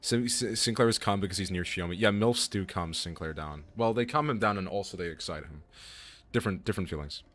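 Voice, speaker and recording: A man's voice: sits low, a little fast, a bit bright. A man streaming a game, chatting casually, joking and swearing freely. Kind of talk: casual gaming stream commentary.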